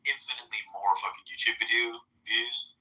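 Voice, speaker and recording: A man's voice: mid-range voice, fairly even intonation, fairly quick, bright, forceful tone. A man arguing as a guest on a live stream, rambling with many fillers and restarts. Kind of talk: heated live stream argument. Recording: distant, dull lo-fi call audio.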